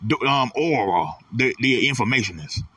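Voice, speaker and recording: A man's voice: medium pitch, animated, normal speed, fairly bright tone, breathy edge, no echo, distant mic. A man delivering a blunt, profane, repetitive casual ranting monologue as host of his own channel.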